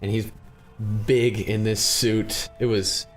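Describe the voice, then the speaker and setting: A young man casually telling a funny story on a podcast, animated and often laughing. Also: fairly low pitch, slow, soft background music. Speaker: podcast host.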